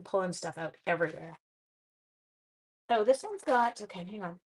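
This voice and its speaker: A middle-aged woman hosts a live stream as she crafts, her voice slightly hoarse and cracking at moments. She chats with her viewers casually, with plenty of self-mocking humor. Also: lowish voice, expressive, moderate pace, pauses often, slight background noise. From Canada. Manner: chatty, self-mocking, talks to viewers while working. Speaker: papercraft live-stream host.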